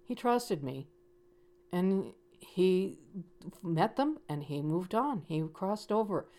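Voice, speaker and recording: A woman's voice: lowish voice, very animated, slow, dark tone. A woman talking casually as a psychic medium, telling a story with frequent restarts and quoted dialogue.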